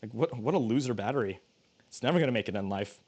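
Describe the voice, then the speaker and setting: A man chats casually on a livestream while cooking, his mid-range voice animated, fast, darkish, and slightly rough. He jokes and rambles, restarting his sentences many times.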